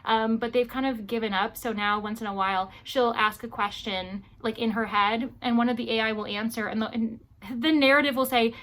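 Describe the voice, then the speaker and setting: A young woman chatting through a casual reading vlog, her voice sitting a little on the high side. She gushes about what she is reading, piling up quick asides and excited repeats. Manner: gushing, animated, quick asides. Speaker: book vlogger.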